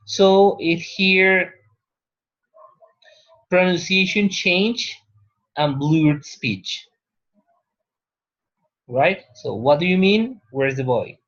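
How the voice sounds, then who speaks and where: A man's voice: high voice, animated, a bit bright. A male teacher whose first language is Spanish, lecturing a class in a classroom and often checking in with "right?". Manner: unhurried, pauses, checks with "right?". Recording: dull lo-fi classroom recording.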